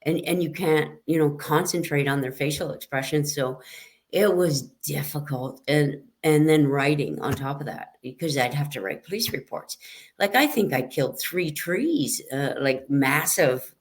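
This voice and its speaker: A woman in her fifties, a military police chief warrant officer, telling stories as a guest in a casual interview, lively and full of fillers, acting out the quotes. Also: deep voice, a little slow. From Canada.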